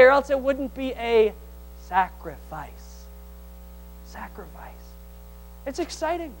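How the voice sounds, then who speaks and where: Animated man preaching a sermon. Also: very high-pitched, slow, long pauses, poor audio. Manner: animated, swings from loud exhorting to hushed; call-and-response with the congregation. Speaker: pastor.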